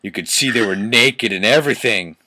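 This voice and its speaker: A man's voice: on the low side, a little fast, sharp tone. A man reading badly written fan fiction aloud for laughs, amused and stumbling over misspelled words. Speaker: reader.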